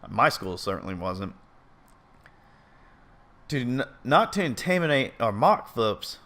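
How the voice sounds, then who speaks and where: A man's voice: mid-range voice, very animated, measured pace, fairly bright tone. A man giving casual commentary as he reads an article aloud, earnest and opinionated, rambling and often stumbling and correcting himself. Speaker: video commentator.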